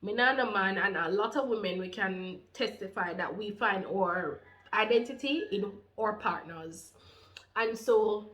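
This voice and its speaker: Jamaican woman in her thirties, medium pitch, animated testimony storyteller who drops into patois. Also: unhurried. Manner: animated, heartfelt, mixes in patois. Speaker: faith channel co-host.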